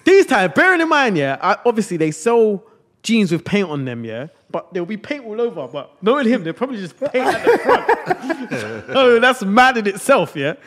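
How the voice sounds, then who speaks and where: A young man tells a story on a casual podcast, full of slang and asides. His voice sits a little high and jumps around a lot in pitch. He talks in loose, excitable runs. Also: normal speed. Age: young adult. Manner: animated, slang-heavy storytelling. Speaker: podcast host.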